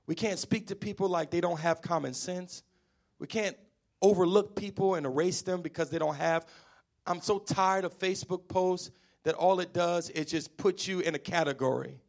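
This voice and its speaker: Half-singing some lines and urging his congregation to respond, a male pastor delivers an animated, emphatic sermon. His voice is high and gravelly.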